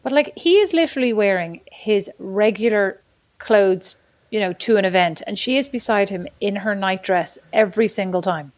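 A woman in her forties co-hosts a podcast in loose, casual chat. She rambles from thought to thought and plays at being indignant. Her voice is an ordinary middle pitch. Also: moderate pace. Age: 40s. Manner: chatty, rambling, mock-indignant. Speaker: podcast co-host.

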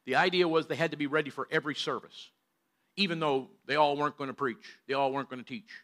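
An older man, a pastor, telling a story in a sermon and moving between loud bursts and hushed passages. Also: on the high side, steady tone, fast.

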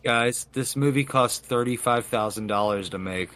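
A man's voice: medium pitch, moderate pace, fairly bright tone, no room sound. A man co-hosting a podcast, making sardonic wisecracks during a casual movie commentary. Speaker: podcast co-host.

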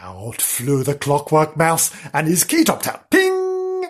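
Husky, low-voiced woman reading aloud. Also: huge pitch swings, takes it slowly. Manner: playful, chatty asides, laughs at the text. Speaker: storyteller. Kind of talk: children's story reading with asides.

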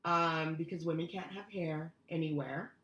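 A woman's voice: low voice, fairly even intonation, normal speed, fairly bright tone, echoey room, highs cut off. A woman co-hosting a podcast in casual chat, hesitant and full of fillers. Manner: hesitant, many fillers and restarts. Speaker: podcast co-host.

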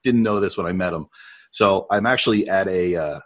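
Low, husky-voiced man telling stories. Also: brisk. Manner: storytelling, animated, laughs often. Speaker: podcast co-host. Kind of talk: casual chat.

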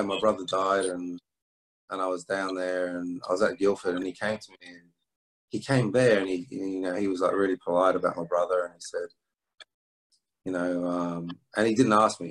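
A middle-aged man from England, telling a personal story as an interview guest, halting with restarts and fillers. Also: sits low, fairly even intonation, poor audio. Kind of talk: reflective storytelling.

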